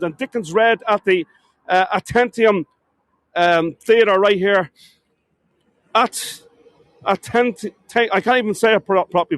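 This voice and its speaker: Chatty high-voiced Irish man guiding a tour. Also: dry recording. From Ireland. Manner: chatty, addresses viewers as folks; trips over words and corrects himself. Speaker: tour guide. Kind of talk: live-streamed walking tour narration. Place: outdoors on city streets, walking.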